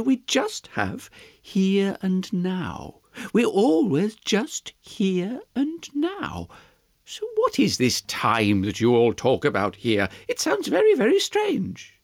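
A storyteller voicing a curious, jelly-like alien with two eyes, asking gently and with wonder. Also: mid-range voice, no room sound, studio quality, heavily acted.

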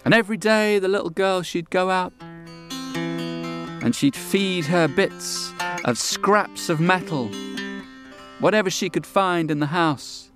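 A man telling a folk tale with unhurried, dramatic pauses and folksy asides, over guitar music. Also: sits high, fairly even intonation. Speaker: storyteller. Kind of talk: oral storytelling.

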